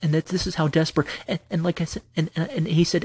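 A man's voice: fairly high pitch, fairly even intonation, quick pace, darkish tone, breathy edge, dry recording. A man venting in a late-night personal rant, rambling and repeating himself with many restarts, aggrieved and flaring into angry swearing. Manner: aggrieved, builds into bursts of anger and swearing. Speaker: vlogger.

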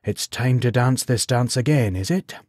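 A man's voice: mid-range voice, moderate pace, darkish tone, no room sound, clean studio sound, lightly acted. A man voicing a stern inner conscience. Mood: warning.

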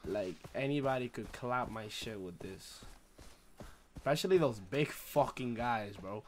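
A young man streaming a shooter game live, swearing and trash-talking through casual commentary with sudden loud outbursts. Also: medium pitch, a little hiss or hum. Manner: profane, loud, reacts with outbursts and trash talk. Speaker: gaming streamer.

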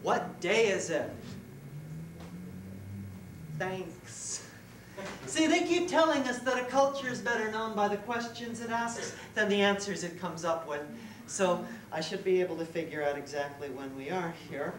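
A woman's voice: mid-range voice, a little slow, lightly acted. A woman performing live on stage as a flustered, giggly female goddess-in-training who chats directly with the audience. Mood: chatty. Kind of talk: live solo theater performance. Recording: echoey live room, distant mic, background noise.

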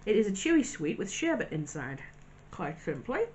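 A woman talks through a pile of snacks in a casual vlog, chatty and wry, dropping dry little asides as she goes. Her voice sits at an ordinary middle pitch, and a faint hiss runs under the recording. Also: sing-song, moderate pace, darkish tone. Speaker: vlogger.

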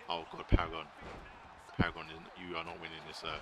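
A man streaming a wrestling video game live, excitedly commentating, swearing and shouting at the screen. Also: a bass voice, fast talker, a crowd in the background. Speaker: gaming streamer.

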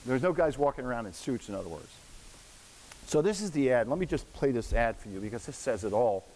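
Here a sixty-something guest lecturer, mid-range and a little mellow, talks at a quick, expressive clip. It's a casual storytelling lecture for a university hall audience, and he puts on voices for the people he quotes. Echo and a faint hiss color the recording.

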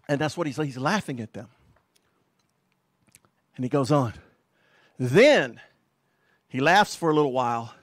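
A man preaching a fiery, emphatic sermon as a pastor and quoting scripture forcefully. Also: mid-range voice, lively intonation, unhurried, long pauses, no echo.

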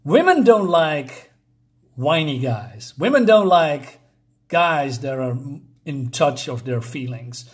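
A man's voice: on the high side, sing-song, takes it slowly. A man giving a casual, rambling review of a comic book, drifting into asides with frequent fillers.

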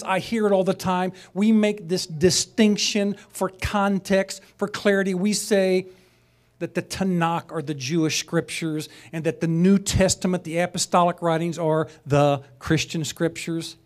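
A man's voice: sits high, steady tone, measured pace. A man teaching a sermon-style lesson, conversational and passionate, rising to emphatic peaks. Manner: conversational asides, chuckles.

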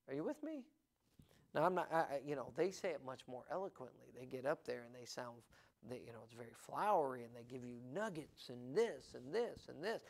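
A man's voice: fairly high pitch, expressive, fast, darkish tone. A man preaching a sermon as pastor of a church, earnest and building in energy, with restarts and fillers as he talks. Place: church sanctuary.

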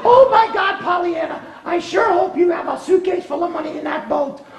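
A man's voice: very high voice, moderate pace, creaky, raised voice, a faint crowd, slight background noise. A man performing a comic live puppet show, playing a vigilante and switching between silly voices. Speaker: puppeteer performing all characters. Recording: echoey hall from far off.

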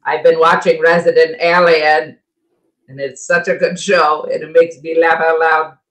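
A woman's voice: low-pitched, flat delivery, normal speed, a bit bright, low-quality recording. A woman co-hosting a podcast from home on headphones and a microphone, chatting casually with teasing, bossy comebacks. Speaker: podcast co-host. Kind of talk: casual chat. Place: at home, on a remote call.

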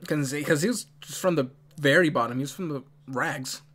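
An excitable anime reaction host in casual commentary, often laughing and talking back to the screen. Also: medium pitch, moderate pace.

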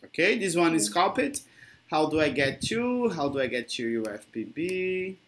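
An English teacher with a Brazilian Portuguese accent and native Portuguese, giving an online lesson, encouraging and quick to laugh. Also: medium pitch, animated, a little hiss or hum. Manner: encouraging, laughs often, slow explanations.

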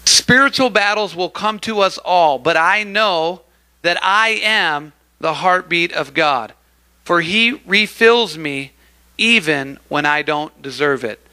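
High bright guy preaching in church, lively, keeps asking for amens. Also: slow pace. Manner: animated, acts out crowd voices, calls for amens. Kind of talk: sermon.

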